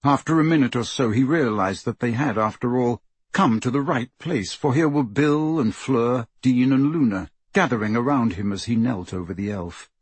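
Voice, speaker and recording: Breathy man narrating an audiobook. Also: medium pitch, normal speed, no echo.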